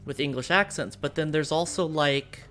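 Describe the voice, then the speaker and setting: A woman's voice: sits low, normal speed, fairly bright tone, faint music behind. A woman from the United States streaming a strategy game and chatting casually with her viewers, rambling and full of fillers and restarts. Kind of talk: casual live-stream chat while playing a strategy game.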